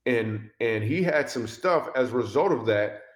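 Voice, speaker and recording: A man, a comedian, tells a story in an animated way and voices the people in it as he goes. His pitch sits in an ordinary middle range. The recording has a noticeably roomy echo around him. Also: normal speed. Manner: animated storyteller who acts out quoted dialogue; speaks of faith and following God's voice. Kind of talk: personal storytelling in a conversation.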